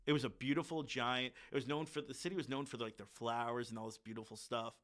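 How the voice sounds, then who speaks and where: A military veteran tells war stories to a podcast host in a casual, conversational way, blunt and candid and full of filler words. He talks fast, with a mid-range, fairly bright voice and fairly even intonation.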